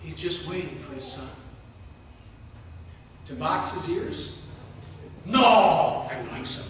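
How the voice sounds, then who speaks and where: A man's voice: sits high, pushed and bright, slight background noise. A man giving a children's message in church, telling a story in a playful way and asking the children questions. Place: church sanctuary. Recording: echoey church hall from a distance.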